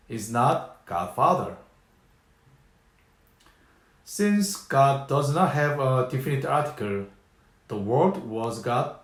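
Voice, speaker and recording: A man with a Korean accent, a native Korean speaker, teaching a Bible lesson in English, explaining slowly and repeating key phrases. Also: mid-range voice, echoey room. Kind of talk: scripture teaching talk.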